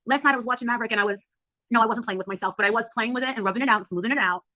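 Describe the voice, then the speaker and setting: A woman's voice: fairly high pitch, racing, pushed and bright, no room sound. A woman hosting a casual livestream, telling stories with brash, profane humor and frequent laughter. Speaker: livestream host.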